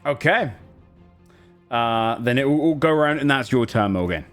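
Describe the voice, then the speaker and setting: A man runs a tabletop game as its game master, calling results briskly. His voice sits at a middle pitch, and soft music plays behind him. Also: animated. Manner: brisk, rules-focused calls.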